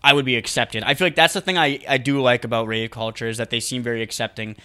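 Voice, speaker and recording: A man's voice: medium pitch, steady tone, quick pace, bright, forceful tone. A young man co-hosting a casual podcast, rambling through his points with frequent restarts and laughs. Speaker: podcast co-host. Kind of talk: casual chat. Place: small hot home studio.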